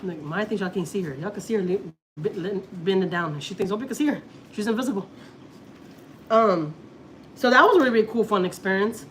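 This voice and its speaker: A Texas woman talks loosely to her viewers, circling back and repeating herself as she tells a story. Her pitch sits at a middling level. Faint noise hums under the recording. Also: fast talker. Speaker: family vlogger. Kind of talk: casual live-stream chat.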